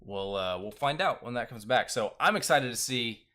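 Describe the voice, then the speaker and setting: A man in a mid-range voice, with lively intonation at normal speed, recaps an episode casually on his reality TV recap channel. The tone is pushed and bright, and his talk is loose, filler-heavy and strongly opinionated.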